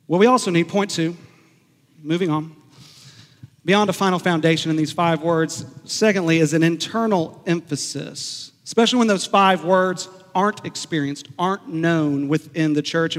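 A man delivering a sermon in a church sanctuary, his voice sitting high for a man. He speaks with earnest conviction and slows down to stress key points. A long reverb trails after each phrase. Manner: earnest storytelling preacher, slows for emphasis. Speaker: pastor.

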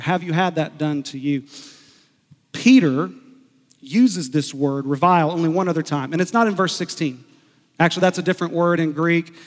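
A man delivering a sermon in a church sanctuary, his voice sitting high for a man. He speaks with earnest conviction and slows down to stress key points. A long reverb trails after each phrase. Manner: earnest storytelling preacher, slows for emphasis. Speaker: pastor.

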